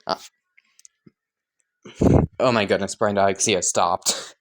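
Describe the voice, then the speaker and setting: A man's voice: low voice, steady tone, slow, a bit bright. A man casually improvising and rambling through a fan story, full of fillers and side comments. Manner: rambling, giggly, lots of "like".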